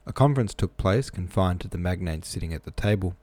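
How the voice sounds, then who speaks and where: A man's voice: low voice, lively intonation, a little fast, a little mellow, no room sound. A man reading a novel aloud, plain with casual asides, close-miked in a small room. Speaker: reader.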